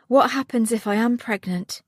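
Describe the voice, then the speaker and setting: A woman's voice: a little high, moderate pace, no echo, clean studio sound, pitched above the performer's own voice, lightly acted. A woman voicing a frightened, tearful teenage girl in an audiobook, her lines raised and pleading. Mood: tearful, fearful.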